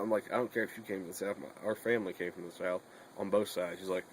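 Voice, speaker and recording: A man's voice: on the low side, fairly even intonation, quick pace, a little hiss or hum, low-quality recording. A young man chatting casually in a bedroom vlog, rambling and swearing a lot between fillers. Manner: rambling and profane, with many fillers.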